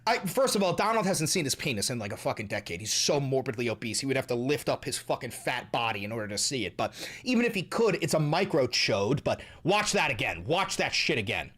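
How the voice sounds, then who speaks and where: A man's voice: medium pitch, very animated, a little fast, a bit bright. A man hosting his stream, giving casual news commentary with profane, indignant ranting and mocking asides. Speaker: streamer and host.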